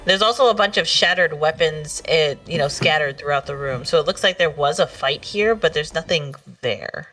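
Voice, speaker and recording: A woman's voice: deep voice, normal speed, hardly any pauses, fairly bright tone, far from the mic. Giggly woman narrating a tabletop game. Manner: laughs often, playful narration with filler words. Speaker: game master.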